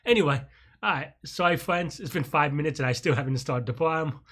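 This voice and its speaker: A man's voice: fairly high pitch, a little fast, fairly bright tone. A man streaming a coding session, chatting casually in a rambling way with many fillers, restarts and self-deprecating asides. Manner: self-deprecating with light laughs. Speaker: programming streamer. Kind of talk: casual livestream chat.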